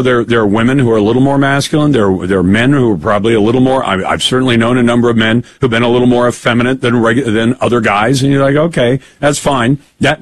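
A male call-in radio host with a slightly husky voice. He talks with callers in an easy, conversational way, chuckling now and then. The studio sound is dry and close. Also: mid-range voice, no echo. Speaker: radio talk show host.

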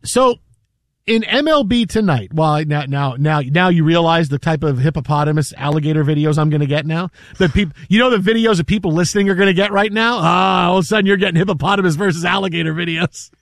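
A man hosting a sports talk show, telling a story in a casual, animated way full of quick asides and repeated phrases. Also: on the high side, dry recording, studio quality.

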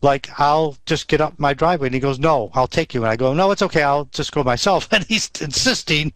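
A man's voice: on the high side, brisk, a bit bright, dry recording. A man telling a personal faith story in a rambling way, with many restarts and fillers. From Western New York. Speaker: guest sharing testimony. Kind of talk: storytelling testimony.

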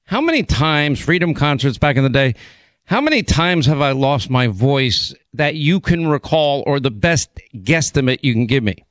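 A hoarse man hosting a talk radio show, his voice a little rough from a bout of laryngitis. He rambles, stumbles and repeats words, then rushes ahead in quick bursts. The sound is close and dry, with no room in it. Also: medium pitch, sing-song, a bit bright, no room sound. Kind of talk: casual on-air chat. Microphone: studio broadcast mic.

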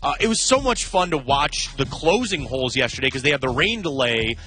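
A man's voice: mid-range voice, animated, a little fast, pushed and bright. A man co-hosting a sports radio show in casual talk, emphatic and repeating points for stress.

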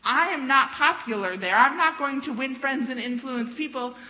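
A woman's voice: sits high, normal speed, natural voice. Woman doing a reluctant, pleading Moses. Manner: pleading, hesitant. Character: Moses, a reluctant frightened man. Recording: dull lo-fi sound.

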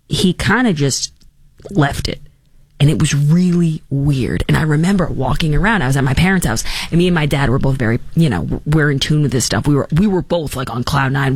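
A woman's voice: sits low, very animated, fairly quick, breathy edge, no echo. A woman hosting a talk show, giving sarcastic, emphatic political opinions. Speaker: talk radio host.

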